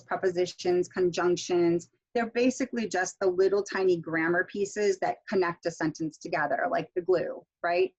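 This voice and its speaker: A middle-aged woman teaching English pronunciation in an online workshop, explaining step by step and saying example words slowly with clear stress. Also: mid-range voice.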